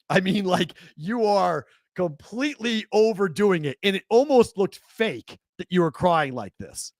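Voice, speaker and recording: A man's voice: high voice, normal speed, hardly any pauses, dry recording, clean studio sound. A man with a Boston accent hosting a live sports talk show, ranting in disbelief and laughing as he talks. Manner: incredulous, animated ranting with laughs. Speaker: host.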